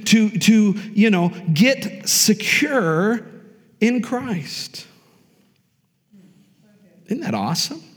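A man preaching in a church sanctuary, his voice high and carrying, pressing his points with rising emphasis and frequent calls of amen. The sound hangs in the long reverb of a large hall. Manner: emphatic preacher with call-and-response asides. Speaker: pastor. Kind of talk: sermon.

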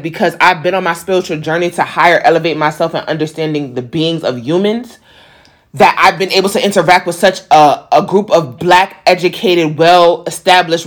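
Emphatic woman telling a story in slang. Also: on the low side. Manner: emphatic, slangy, addresses viewers directly. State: on the verge of tears. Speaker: vlogger telling a personal story. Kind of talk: casual storytelling to viewers.

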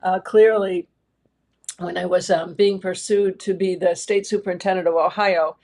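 A woman's voice: on the low side, fairly even intonation, normal speed, darkish tone. A middle-aged woman, an education leader, telling her personal story in an interview in an earnest, reflective way, with long winding sentences.

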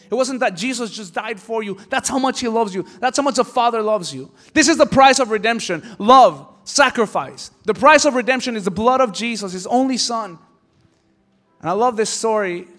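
A male pastor preaching a sermon with passion, swinging from hushed lines to shouts. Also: high-pitched.

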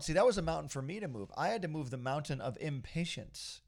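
Gravelly, upbeat man hosting a podcast. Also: mid-range voice, expressive, fairly quick, few pauses. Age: middle-aged. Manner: upbeat, rambling, motivational. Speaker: podcast host. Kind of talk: casual podcast chat.

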